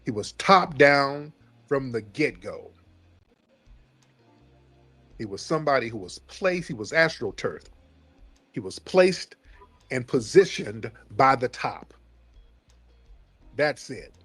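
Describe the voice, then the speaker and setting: A man's voice: medium pitch, very animated, slow, pauses often, a bit bright, slightly rough, dry recording, faint music behind. A man hosting a call-in stream, taunting and mocking a caller in a heated argument.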